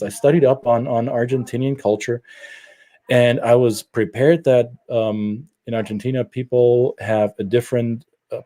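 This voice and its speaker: A middle-aged man from Germany, telling stories in a casual podcast chat, animated and prone to restarts. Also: mid-range voice. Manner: animated storyteller with frequent restarts. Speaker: podcast co-host.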